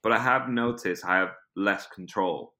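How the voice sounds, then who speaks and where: A British man, an actor and filmmaker, chatting as an interview guest with a rambling, animated way of telling stories and lots of "like" fillers. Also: fairly low pitch, normal speed. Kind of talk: casual interview chat.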